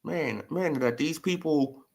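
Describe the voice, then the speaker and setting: A man's voice: fairly high pitch, slow, gravelly. A man ranting about sports in a casual commentary video, emphatic and repetitive. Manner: animated, emphatic, repeats "bro" and "right?".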